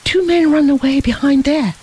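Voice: mid-range voice, sing-song, takes it slowly, slightly rough, heavily acted, rough recording. A reader voicing a devoted young male servant who speaks in clipped, simple broken phrases. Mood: urgent.

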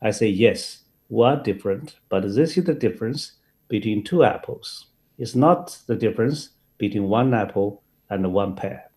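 A man's voice: on the low side, normal speed, darkish tone. Hesitant man. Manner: hesitant, many uh fillers. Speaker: panel guest. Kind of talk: discussion panel answer.

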